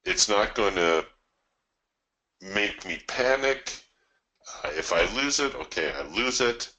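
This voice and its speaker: Folksy, animated male trading coach. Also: lowish voice, slow pace, rough recording. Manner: folksy, chuckling asides. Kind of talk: live trading commentary.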